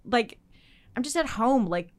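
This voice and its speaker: A woman's voice: on the high side, lively intonation, measured pace. A woman actor, a podcast guest, chatting casually in a playful, self-deprecating way. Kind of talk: casual chat.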